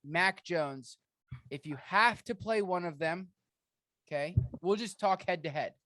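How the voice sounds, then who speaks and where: A man hosting a casual fantasy football podcast, energetic and joking in quick banter with his co-host. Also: sits high, dry recording. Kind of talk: casual sports podcast chat.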